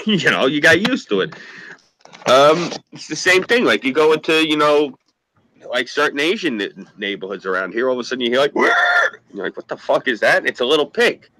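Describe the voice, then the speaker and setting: A man's voice: a little high, very animated, fairly quick, sharp tone, rough recording. A man telling rambling, profane anecdotes in a casual chat, acting out what people said. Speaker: podcast co-host.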